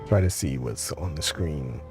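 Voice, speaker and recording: A man streaming a game, reading its text aloud in a steady, even way. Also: a bass voice, measured pace, music in the background.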